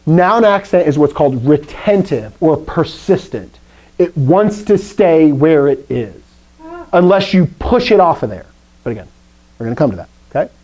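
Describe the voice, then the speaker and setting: A middle-aged Greek teacher lectures a class at a normal speed, his fairly high, slightly mellow voice swinging widely in pitch. He explains language rules step by step and sprinkles in jokes.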